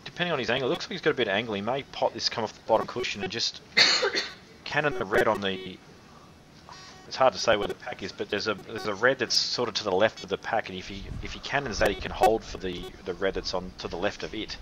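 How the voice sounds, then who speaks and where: A man's voice: fairly low pitch, quick pace, rough recording. A man commentating live snooker, thinking aloud as he reads the table and often restarting his sentences. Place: commentary position at a snooker venue. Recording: crowd audible behind the commentary.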